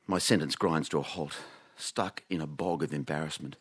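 A man hosting a radio comedy show and telling a self-mocking story to a studio audience in a wry, deadpan way. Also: extremely low pitch, a little fast, breathy edge. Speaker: radio host.

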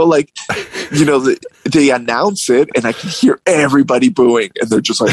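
A young man telling a story casually and animatedly, jumping up in pitch when he acts out other people. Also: moderate pace, husky, rough recording. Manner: animated, acts out voices with big pitch jumps.

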